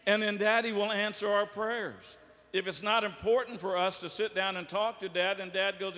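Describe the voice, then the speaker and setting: Pastor, male, folksy preacher with jokes; high voice, echo of a large hall. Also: moderate pace, pushed and bright. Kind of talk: sermon. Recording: long hall reverb.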